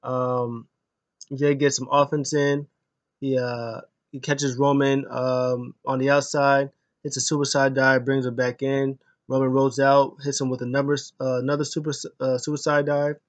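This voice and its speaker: A man's voice: mid-range voice, flat delivery, measured pace. A man casually recapping a wrestling match move by move, rambling with lots of uh fillers and restarts. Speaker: wrestling show reviewer.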